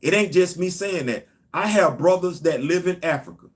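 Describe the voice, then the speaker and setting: A man's voice: high-pitched, moderate pace. A man hosting a casual livestream, talking straight to viewers and hammering his points with repetition. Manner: emphatic, repeats points, addresses viewers directly. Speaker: host.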